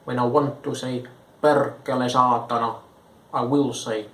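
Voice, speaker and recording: A man's voice: medium pitch, fairly even intonation, a little slow, pitched below the performer's own voice, lightly acted. A man putting on a blunt Finnish-accented man. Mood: defiant. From Belgium. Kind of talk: comedic accent impression. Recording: roomy echo.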